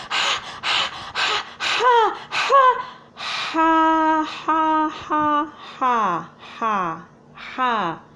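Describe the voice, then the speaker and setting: Slow, patient Arabic-accented woman teaching. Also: a little high, slight background noise. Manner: patient, repeats sounds for students to copy. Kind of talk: slow language lesson.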